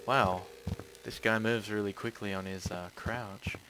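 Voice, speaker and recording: A man with a low voice talks through a horror game in a slow, chatty commentary, swearing freely as he goes. A clear noise sits under the recording. His speech stays unhurried between moments of excitement. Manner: chatty, swears often, bursts into loud yelps when startled. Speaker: gaming channel host. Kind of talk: casual let's-play commentary.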